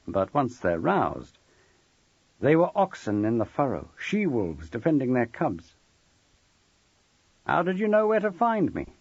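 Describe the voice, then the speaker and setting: A man's voice: medium pitch, a little mellow, slightly rough, no room sound, muffled recording. A man narrating a novel as an audiobook, telling the story expressively. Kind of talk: scripted narration.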